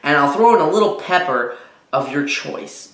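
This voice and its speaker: A man's voice: fairly high pitch, expressive, normal speed, fairly bright tone. A man voicing a stubborn little boy who pleads and bargains to keep his toys. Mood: pleading, scheming. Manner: whiny, pleading, scheming. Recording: roomy echo.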